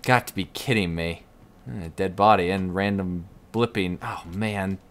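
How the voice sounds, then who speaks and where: A man's voice: low voice, fairly even intonation, unhurried, slight background noise. Chatty man commenting on a game. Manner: chatty, shouts and yelps when startled. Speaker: gamer playing through a game. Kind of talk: casual let's-play commentary.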